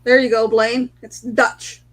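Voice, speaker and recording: Brisk woman reading out viewer guesses. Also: on the high side, level tone. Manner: brisk, matter-of-fact, reads out names. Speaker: co-host reading viewer comments. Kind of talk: casual livestream chat.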